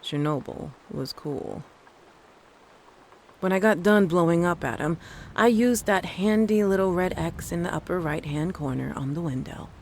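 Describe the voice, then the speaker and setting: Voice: mid-range voice, lively intonation, moderate pace, darkish tone, slight background noise. A narrator reading a first-person scary story, with dry, wry asides. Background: faint thunderstorm ambience.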